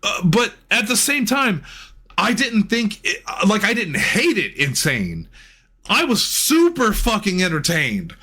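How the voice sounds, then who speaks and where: Excitable guy w a high bright voice, cussing a lot, reviewing movies on a podcast. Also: measured pace, husky. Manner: excitable, profane, animated ranting. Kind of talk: casual movie review chat.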